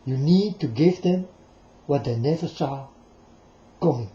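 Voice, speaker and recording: A man's voice: mid-range voice, animated, unhurried, mellow. A man delivering a rambling, preachy monologue straight to his listeners, repeating himself as he goes. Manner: preachy, repetitive, addresses listeners directly. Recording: roomy, dull lo-fi recording.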